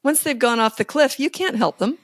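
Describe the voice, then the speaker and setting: A woman's voice: sits high, expressive, a little fast, dry recording, studio quality. A woman speaking as a parenting coach guest in a casual podcast interview, blunt, emphatic and sure of herself. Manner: blunt, emphatic and self-assured.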